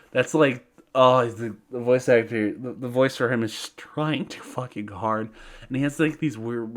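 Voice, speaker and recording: Brief: male reviewer, exasperated profane rant, mid-range voice, casual. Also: medium pitch. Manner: profane, exasperated, breaks into laughter. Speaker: video reviewer. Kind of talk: casual ranting commentary.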